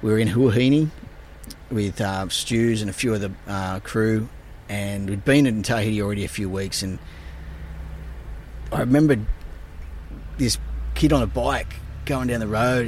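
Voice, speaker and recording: A man, a guest telling surf stories in casual, animated talk full of swearing. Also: on the low side, moderate pace, slight background noise. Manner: animated, swears a lot, relives moments with voices. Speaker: guest surfer. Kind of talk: casual storytelling.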